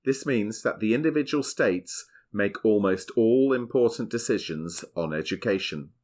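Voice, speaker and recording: A middle-aged man, hosting a podcast with measured, scripted explanation. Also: lowish voice, lively intonation, darkish tone. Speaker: podcast host. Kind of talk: scripted podcast narration and family chat.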